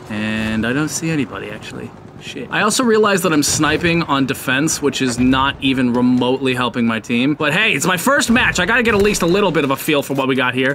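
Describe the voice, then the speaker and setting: A young man hosting a gaming channel, giving jokey live commentary over his play, swearing and yelping in high shouts whenever he gets attacked. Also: slight background noise.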